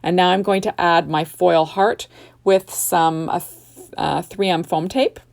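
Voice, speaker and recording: A middle-aged woman talks through her card-making steps in a relaxed, chatty way. Her voice sits a little low with a gravelly edge. She wanders through fillers and restarts as she works at home. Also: unhurried. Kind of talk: casual crafting tutorial voice-over. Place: home craft room.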